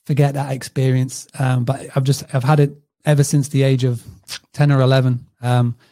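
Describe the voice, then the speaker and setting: A man in his thirties with a Northern English accent that has drifted from years of travel. His voice is mellow and warm, and he talks in a chatty way, restarting phrases and laughing easily as a guest on a podcast. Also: mid-range voice, flat delivery, normal speed. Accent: Northern English, mixed. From England. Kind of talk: casual interview chat.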